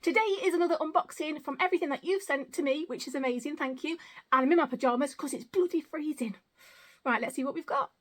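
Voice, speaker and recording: A high-pitched woman vlogger in her thirties chats away as she opens parcels. She is excitable and warm with thanks, counting items one by one in a casual, rambling way. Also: fast. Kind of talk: casual unboxing vlog.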